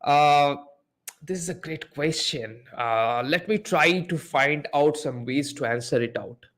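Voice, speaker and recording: Sharing his screen during a live Amazon PPC Q&A webinar, a man explains ad selling one step at a time and quizzes his viewers. He speaks at a measured pace in a somewhat high, slightly bright voice.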